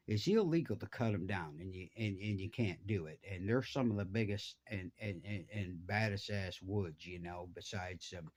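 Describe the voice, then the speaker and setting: A middle-aged man, telling a profane, animated story and jumping his voice around to act out the people in it. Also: husky. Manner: animated, profane, acts out voices with big pitch jumps. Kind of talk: casual storytelling.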